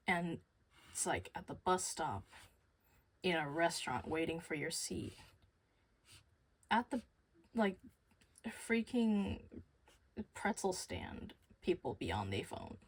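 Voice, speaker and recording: A woman's voice: lowish voice, big pitch swings, takes it slowly, long pauses. A young woman rambling casually to camera, swearing freely and losing her train of thought. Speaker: vlogger.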